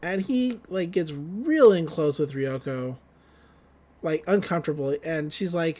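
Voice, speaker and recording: Just woken up, a man co-hosting a podcast casually recaps an anime episode, loosely paraphrasing what the characters say. His voice is fairly high with lively intonation, and he speaks at a measured pace in a warm tone.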